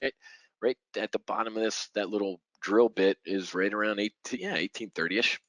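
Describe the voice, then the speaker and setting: A man's voice: on the low side, moderate pace, a bit bright, no room sound, poor audio. A middle-aged man teaching a live options-trading webinar, punchy and direct, firing rhetorical questions at the audience and using fighter-pilot jargon. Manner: punchy, talks straight to the audience.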